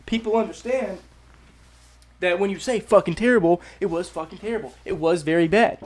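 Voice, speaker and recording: A man's voice: high-pitched, a little fast. A young American man explaining English words in a casual vlog, emphatic and repetitive, swearing freely. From United States. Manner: emphatic, swears freely, repeats phrases for stress. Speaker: YouTube English teacher.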